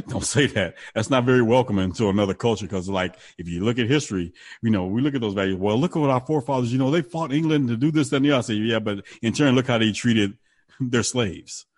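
A man's voice: medium pitch, fast, darkish tone. A man in casual conversation who rambles, restarts his sentences and laughs often. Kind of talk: casual podcast chat.

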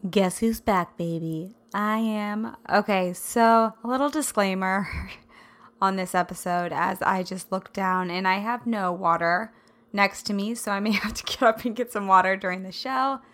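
A woman's voice: mid-range voice, a little slow, fairly bright tone. Bubbly woman with a scratchy throat. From American Midwest. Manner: bubbly, effusive, laughs often. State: scratchy, slightly raspy throat. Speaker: podcast host. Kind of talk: casual solo podcast chat.

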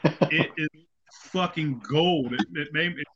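Man, high and bright, slow-talking, loose and profane, muffled line with faint hiss. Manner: laid-back, swears freely, laughs often. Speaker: podcast co-host. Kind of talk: casual podcast chat. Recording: muffled lo-fi call audio with faint noise.

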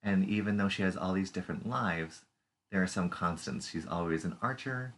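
A man's voice: low-pitched, moderate pace, fairly bright tone. A man co-hosting a podcast, chatting casually about a TV episode and making playful jokes. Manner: playful, puts on silly voices and puns. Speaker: podcast co-host. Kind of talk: casual chat recapping a TV episode.

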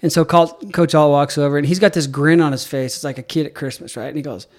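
Higher-voiced middle-aged man telling stories. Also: fast. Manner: animated storyteller, acts out quoted dialogue. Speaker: head athletic trainer, podcast guest. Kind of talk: casual interview chat.

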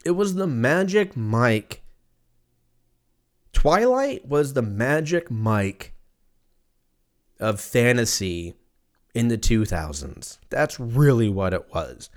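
A man's voice: medium pitch, big pitch swings, slow, pauses often. A man in his thirties hosting a podcast, ranting casually in a profane, rambling, sarcastic way. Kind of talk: casual rant.

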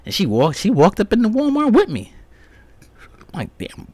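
A man's voice: high-pitched, moderate pace, husky, no room sound. A man telling a story from his own life in a loose, profane monologue, acting out both sides of each exchange. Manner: profane, animated, acts out both sides of the talk. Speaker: podcast host.

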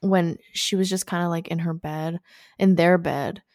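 A young woman in casual chat, calmly retelling a movie plot and quoting the characters. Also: lowish voice, normal speed, no room sound, clean studio sound. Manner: relaxed, steady storytelling with fillers, quotes characters.

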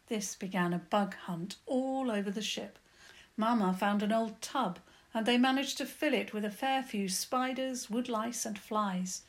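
A woman calmly and gently narrating a children's story. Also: medium pitch, unhurried.

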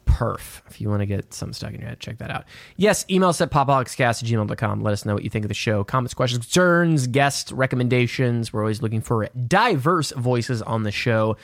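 A man's voice: mid-range voice, fast, creaky, no echo, studio quality. A young man co-hosting a casual film podcast, rambling with frequent restarts and jokes. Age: young adult. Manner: rambling, self-interrupting, joking. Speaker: podcast co-host.

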